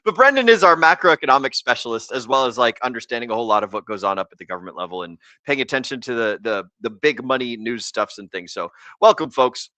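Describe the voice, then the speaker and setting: A man's voice: medium pitch, animated, fast talker, hardly any pauses, bright, forceful tone, dry recording. A young adult American man hosting a casual livestream show, rambling, joking and swearing freely. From United States. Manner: rambling, profane and jokey. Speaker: podcast host.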